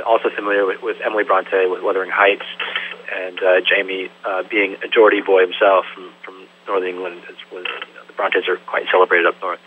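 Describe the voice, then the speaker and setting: Man, film director, very low voice, thoughtful loose talk, tinny phone-like line, faint hum. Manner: thoughtful, full of "sort of" and "like". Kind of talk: interview answers.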